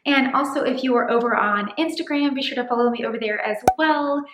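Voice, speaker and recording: A woman's voice: high voice, brisk, noisy background. A woman in her thirties giving earnest, encouraging faith-based dating advice in a casual vlog, slightly out of breath. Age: 30s. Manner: earnest, encouraging, gently preachy. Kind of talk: casual to-camera vlog talk. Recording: echoey room.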